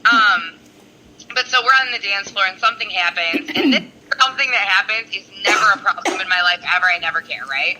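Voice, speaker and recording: A woman's voice: medium pitch, brisk, slight background noise, poor audio. A woman co-hosting a podcast, telling a story in casual chat with lots of swearing. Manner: profane, animated storytelling. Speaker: podcast co-host.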